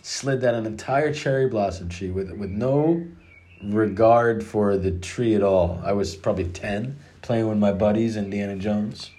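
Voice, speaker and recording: A middle-aged man with a very low voice recounts a family story in an easy, rambling way. He restarts his sentences often and drops the occasional curse. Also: unhurried, mellow. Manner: rambling, with many restarts and swearing. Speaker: father telling a story. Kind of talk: casual personal storytelling.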